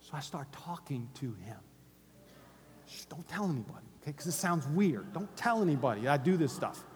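A middle-aged male pastor preaching a sermon in a church, moving between hushed conversational asides and loud urgent exhortation. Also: a little high, big pitch swings, a little fast. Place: church sanctuary. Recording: long hall reverb.

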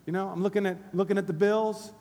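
A middle-aged male pastor preaching a sermon in a church, moving between hushed conversational asides and loud urgent exhortation. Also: high-pitched, fairly even intonation, fast, slight background noise. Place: church sanctuary. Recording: long hall reverb.

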